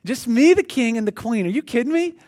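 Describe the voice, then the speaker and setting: A man's voice: very high voice, expressive, brisk, a little mellow. A man doing a smug, vain official. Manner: smug, self-important.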